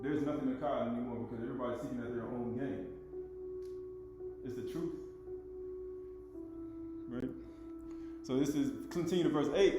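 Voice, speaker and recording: A man's voice: medium pitch, normal speed, long pauses. A man teaching from scripture in a conversational, folksy way, asking rhetorical questions as he goes. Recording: echoey room with music underneath. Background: instrumental music.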